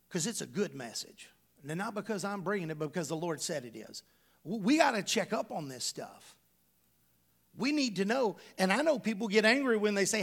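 A man's voice: sits high, creaky, fairly bright tone. A middle-aged male pastor preaching a sermon, emphatic and conversational, full of rhetorical questions to the congregation.

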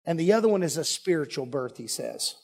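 A man's voice: a little high, expressive, a little fast, gravelly, a little mellow. A male pastor preaching a sermon, folksy and joking with the congregation.

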